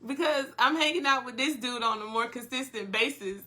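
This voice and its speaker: Woman, North Carolina accent, crisp bright tone, relaxed casual chat, laughs often. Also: on the high side, brisk. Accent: North Carolina Southern. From North Carolina, USA. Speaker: podcast co-host.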